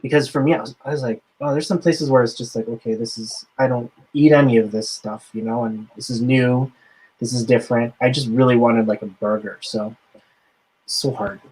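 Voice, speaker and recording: A man's voice: mid-range voice, fairly even intonation, normal speed, a little mellow, breathy edge, rough recording. Guy hosting a chill podcast, lots of "like"s, mid voice. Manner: loose, filler-heavy talk. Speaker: podcast host. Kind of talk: casual chat.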